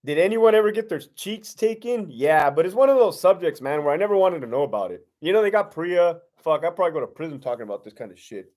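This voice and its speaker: A man's voice: fairly high pitch, very animated, fast, few pauses, darkish tone. A middle-aged man, a former prison lieutenant, hosting a casual live-stream Q&A, talking bluntly with heavy profanity and streetwise slang. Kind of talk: casual live-stream Q&A reading viewer questions.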